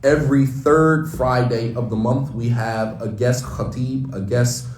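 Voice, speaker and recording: A man's voice: medium pitch, steady tone, unhurried, darkish tone, a little hiss or hum. A man giving a casual, emphatic morning religious talk as an imam, often repeating phrases. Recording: roomy sound, mic at a distance.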